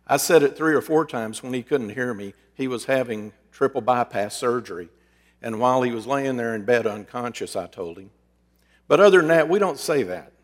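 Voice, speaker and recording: A middle-aged male preacher who also counsels people speaks in a plain, mid-range voice, sharing personal stories as a sermon. His delivery is earnest and conversational, swinging between hushed and loud moments. A long reverb trails his words, as in a big hall. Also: medium pitch. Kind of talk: storytelling sermon.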